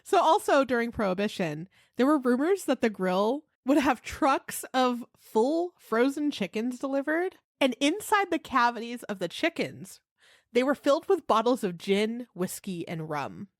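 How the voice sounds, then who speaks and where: Giggly, expressive woman co-host. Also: on the high side, normal speed, dry recording, clean studio sound. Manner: giggly and expressive, laughs often. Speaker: podcast co-host. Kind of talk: casual chat.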